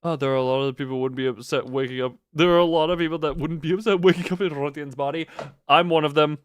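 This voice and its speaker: A man's voice: on the high side, fast, smooth, dry recording. A man streaming a game, reading the story aloud and reacting with frequent laughs and jokes. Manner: animated, laughs often, jokes about the story.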